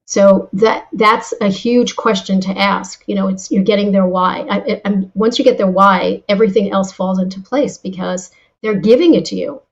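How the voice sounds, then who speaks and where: A woman speaks as an interview guest, telling stories in an animated way and tripping over her words now and then. Her voice sits at a middle pitch. The sound is dull and lo-fi, like a livestream. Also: moderate pace, vocal fry. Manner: animated storyteller, frequent restarts. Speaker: guest, former insurance seller. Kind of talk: casual storytelling interview.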